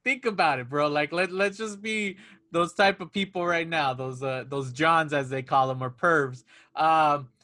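A man's voice: on the high side, a little slow, sharp tone. A man co-hosting a podcast, chatting about a film in a laid-back, jokey way. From Mexican-American. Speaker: podcast co-host. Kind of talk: casual movie chat.

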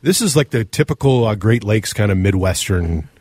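A man with a Minnesota accent co-hosting a casual radio talk show, animated and rambling, often correcting himself mid-sentence. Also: fairly low pitch, normal speed, breathy edge, dry recording. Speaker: radio co-host.

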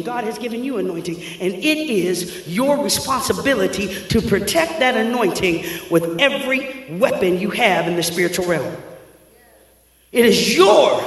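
Brief: high, bright-toned male preacher, fervent and shouting, in an echoey church hall. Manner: fervent, shouting, slangy storytelling. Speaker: pastor. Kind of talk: sermon. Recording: echoey hall with long reverb.

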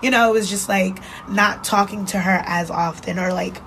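A woman's voice: medium pitch, steady tone, normal speed, vocal fry, a bit bright, slight background noise, rough recording. A woman from New Jersey, a writer and poet, telling a personal story candidly and emotionally as a podcast guest, with some casual swearing.

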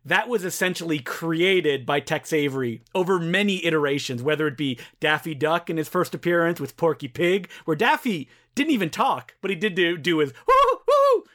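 A man's voice: a little high, lively intonation, normal speed, hardly any pauses, a bit bright. A man co-hosting a podcast, chatting easily about cartoon history and laughing often. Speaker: podcast co-host. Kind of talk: casual film-discussion chat.

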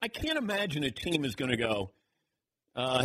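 A man hosting a sports talk radio show, taking callers and reacting with lively opinions. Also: moderate pace. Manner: animated, swings pitch widely.

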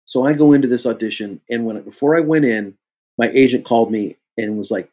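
A man from Kansas City, an actor guest on an interview show, telling animated stories and acting out the dialogue with big swings in his voice. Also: medium pitch, a little fast. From Kansas City, USA. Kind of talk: casual interview storytelling.

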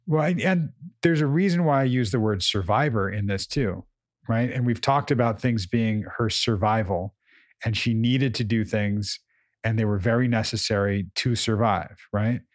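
A man's voice: on the low side, moderate pace, dry recording, studio quality. A man co-hosting a casual chat, explaining his coaching approach emphatically and often repeating words as he thinks. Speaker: podcast co-host, coach.

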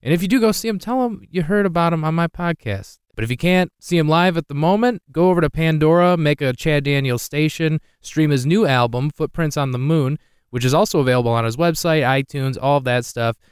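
A male podcast host with a clear, smooth voice reads an upbeat plug. His voice sits fairly high, and the sound is dry and close, with no room. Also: a little fast, no echo. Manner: upbeat, plugging a guest. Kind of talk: podcast promo read.

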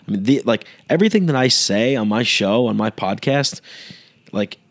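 A man's voice: mid-range voice, expressive, normal speed, dry recording. A young man hosting his own podcast, telling a long story in a meandering, laid-back way with many fillers and restarts. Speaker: podcast host. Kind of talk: rambling solo podcast monologue.

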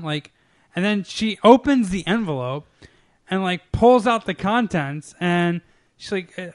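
A man's voice: high voice, animated, normal speed. A young man chatting casually with a friend, telling a rambling, profane story and laughing often. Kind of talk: casual chat.

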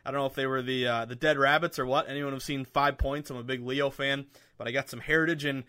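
A man hosting a sports betting podcast, chatting casually from home with lots of fillers and excitement. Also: mid-range voice, fast talker. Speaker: podcast host. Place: home room with window open.

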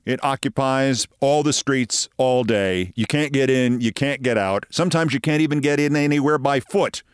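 A man's voice: medium pitch, no room sound, clean studio sound. A man in his sixties hosting a show, telling wry, conversational anecdotes. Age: 60s. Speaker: host. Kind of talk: monologue storytelling.

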